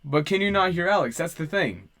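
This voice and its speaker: A man hosting a livestream, talking casually and haltingly as he sorts out audio trouble. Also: a little high, lively intonation, a bit bright. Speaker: livestream host.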